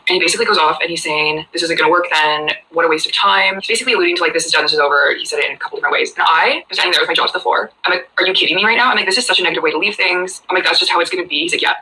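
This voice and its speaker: A woman's voice: lowish voice, sharp tone, slight background noise, poor audio. A young woman telling a personal story in a rambling, hesitant way full of "like". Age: young adult. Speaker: storyteller in a played clip.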